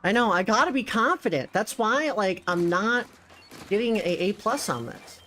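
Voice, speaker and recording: Excitable young man streaming a game. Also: moderate pace, faint music behind. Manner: excitable, chatty, with sudden jumps in pitch. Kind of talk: casual gameplay commentary.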